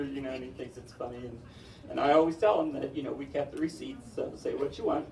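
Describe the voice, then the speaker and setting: A man's voice: mid-range voice, steady tone, brisk, vocal fry, a little hiss or hum. A middle-aged man performing stand-up comedy, chatty and self-deprecating, chuckling through his stories. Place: indoor event hall. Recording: echoey hall from far off.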